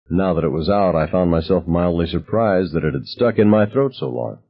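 A man narrating an audiobook in a wry, reflective first-person way, with a husky voice. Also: sits low, expressive, brisk, hardly any pauses, lo-fi sound.

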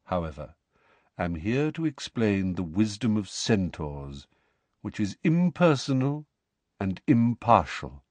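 Brief: calm, lofty male centaur teacher, low and unhurried, disdainful of humans, voiced by a male audiobook narrator. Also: no echo. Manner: calm, measured, quietly disdainful.

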